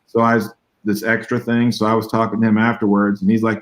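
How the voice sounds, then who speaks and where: A man talks over a video call, spinning a long anecdote in loose, rambling sentences. His pitch sits in an ordinary middle range. He chuckles now and then and keeps an easy, conversational flow. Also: a little fast, rough recording. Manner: rambling, animated storytelling with chuckles. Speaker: guest artist. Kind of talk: casual conversation.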